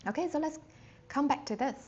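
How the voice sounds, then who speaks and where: A Mandarin teacher, a native speaker, gives a live online lesson for beginners in a high-pitched, slightly mellow voice. She's chatty and loose, with lots of fillers and self-restarts, drawing out Chinese words with exaggerated tones. Her stream audio is dull and lo-fi, with faint background noise.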